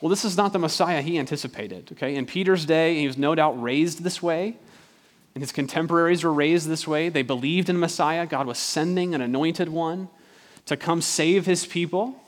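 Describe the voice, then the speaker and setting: Man preaching in a reverberant hall. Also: on the high side. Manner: conversational preaching, repeats words, reads scripture slowly. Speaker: pastor. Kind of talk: sermon.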